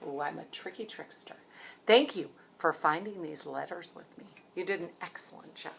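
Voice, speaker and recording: A woman's voice: fairly low pitch, normal speed, vocal fry, slight background noise. A woman teaching a children's phonics lesson as a preschool teacher, cheerful and encouraging as she speaks to young children.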